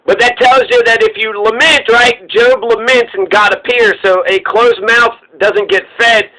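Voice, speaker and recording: A man's voice: sits high, steady tone, measured pace, bright, forceful tone, rough recording. A man giving casual, irreverent commentary, ranting with plenty of profanity. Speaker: podcast host.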